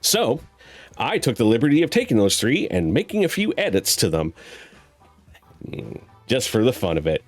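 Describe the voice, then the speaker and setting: A man's voice: medium pitch, huge pitch swings, normal speed, a little mellow, dry recording, faint music behind. A man hosting a streamed game show, teasing his guest with bawdy jokes and running through the rules. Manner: joking, teasing, bawdy patter.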